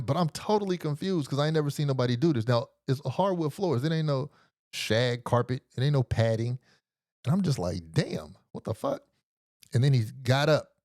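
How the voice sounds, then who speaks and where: A middle-aged man with a voice of ordinary pitch tells a story in loose, profane slang, and he gets animated as he goes. His voice sits close and dry against the mic, with no room sound around it. He talks like a podcast host chatting to regulars. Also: no room sound. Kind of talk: casual storytelling.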